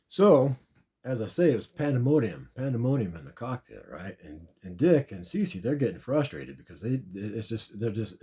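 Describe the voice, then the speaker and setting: A man's voice: lowish voice, mellow. A man telling a long, rambling comic story about a dream, repeating and restarting his words often.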